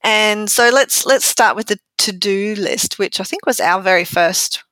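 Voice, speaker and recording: A woman's voice: medium pitch, a little slow, bright, forceful tone, dry recording. A woman co-hosting a podcast, chatting casually with a teasing manner and frequent laughter. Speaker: podcast co-host. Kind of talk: casual chat.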